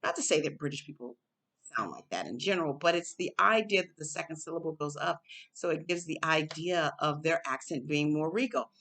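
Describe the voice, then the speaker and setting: A woman's voice: low-pitched, lively intonation, a little fast, fairly bright tone. A woman from the United States giving her casual commentary to camera in a conversational, musing way. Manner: conversational, musing, with fillers and laughs. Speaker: vlogger.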